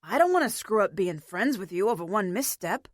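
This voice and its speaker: A woman voicing an awkward, apologetic young man, lowering her voice for him in an audiobook reading. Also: big pitch swings, fairly quick, dry recording, studio quality. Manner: earnest, sheepish.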